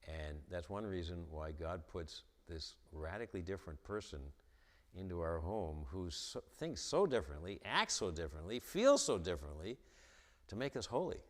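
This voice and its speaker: Brief: man, stutterer, deep low voice, lecturing in a reverberant church. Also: big pitch swings, moderate pace. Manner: stutters, repeats the starts of sentences. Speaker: guest speaker at a church. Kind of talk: lecture-style church talk. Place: church hall with an audience.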